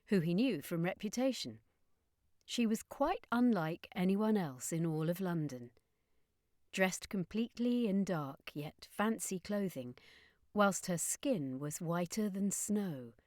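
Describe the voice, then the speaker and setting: A woman narrating a storybook with a measured, expressive reading. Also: mid-range voice, no room sound, clean studio sound. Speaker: audiobook narrator.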